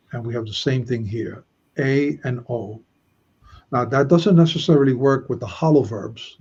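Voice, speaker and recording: A man teaching a Bible study lesson, slowly explaining Hebrew grammar and stressing key words. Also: mid-range voice, darkish tone, breathy edge, dull audio.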